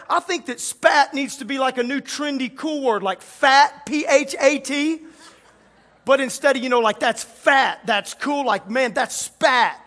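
A male pastor with a high, bright, ringing voice preaches to a live congregation. He jokes with the crowd and voices the people in his story in a playful way. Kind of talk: lively sermon.

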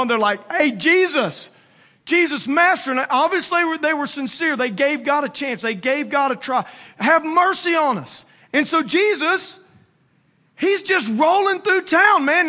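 A man preaching a casual, slangy sermon, retelling a Bible story with animated acted-out quotes. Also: very high-pitched. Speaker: pastor.

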